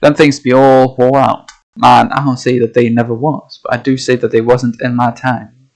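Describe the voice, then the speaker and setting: Picture a crusty old seaman of nearly a hundred, as a male reader puts him on, muttering in thick Yorkshire dialect. He is dismissive and brusque, his words low and hushed. The tone stays flat and unmoving. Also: moderate pace, gravelly, natural voice, rough recording. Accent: Yorkshire dialect, put on. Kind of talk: reading a novel aloud.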